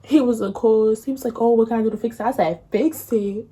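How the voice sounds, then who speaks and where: A young woman tells a breakup story in casual slang, laughing often and acting out quotes in a higher voice. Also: fairly even intonation, a little fast, mellow, slightly rough. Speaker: vlogger.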